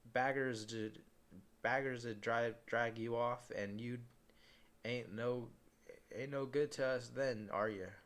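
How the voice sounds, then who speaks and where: A man reading as a gruff young leader. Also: mid-range voice, fairly even intonation, slow, a bit bright. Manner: rough slangy speech. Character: gruff blunt young male group leader.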